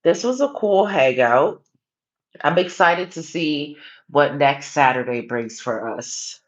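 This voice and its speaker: A woman with a low voice and an unhurried pace hosts a livestream, teasing and coaxing her viewers as she reads out their cards. The sound is a little dull and muffled. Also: animated. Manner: teasing, coaxing, playfully pushy. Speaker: livestream host reading viewer comments. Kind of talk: casual livestream chat with card readings.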